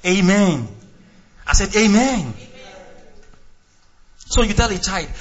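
Animated high-voiced preacher man. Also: a little slow, long pauses, dull audio. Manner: animated, acts out dialogue, shouts and drops to quiet asides. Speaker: pastor. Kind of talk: sermon.

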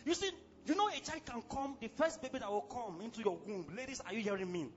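A man with a Nigerian accent preaching a sermon as pastor, fiery and exclamatory, breaking into sudden shouts. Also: extremely high pitch, animated, quick pace, lo-fi sound.

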